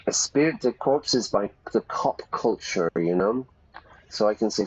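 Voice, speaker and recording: A man teaching English over a video game in a casual, chatty way. He reads lines aloud and explains words in a fairly low voice. The sound is slightly dull. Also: normal speed, darkish tone, slightly rough. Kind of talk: casual let's-play lesson.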